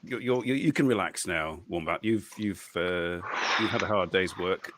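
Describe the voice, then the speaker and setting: A man hosting a live online interview chat over a video call, halting and repeating words, chuckling often. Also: low-pitched, noisy background. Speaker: host.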